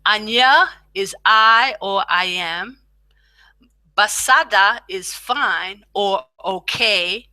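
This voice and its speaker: A woman teaching a beginner language lesson, speaking slowly and repeating each phrase so learners can follow. Her voice is very bright, and the sound is close and dry with no room echo. She breaks off now and then for casual asides. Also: mid-range voice.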